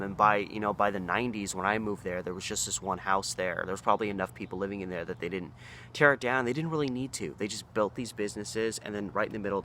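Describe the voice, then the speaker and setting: A man's voice: on the low side, sharp tone, a little hiss or hum. A man in his thirties from Oregon, telling a story in a casual, rambling way with frequent restarts and acted-out quotes. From Oregon, USA. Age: 30s. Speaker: local history storyteller.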